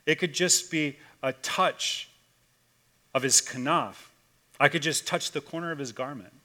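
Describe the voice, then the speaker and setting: Male pastor, bright and slightly high voice, casual storytelling sermon, swings loud to hushed. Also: measured pace. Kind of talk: conversational sermon.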